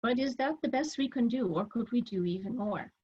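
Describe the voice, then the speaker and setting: A woman giving a recorded online lecture, explaining step by step in a measured way, with some filler words. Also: on the high side, darkish tone, slightly rough. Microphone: computer mic on a video call recording. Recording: dull lo-fi meeting recording.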